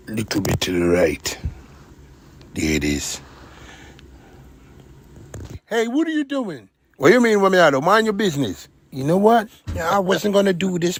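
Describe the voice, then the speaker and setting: A man doing a put-on Jamaican accent, playing a brash grown man in a hammy comedy skit clip. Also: a little high. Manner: mock accent, lively, hammy. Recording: faint noise, played-back video clip.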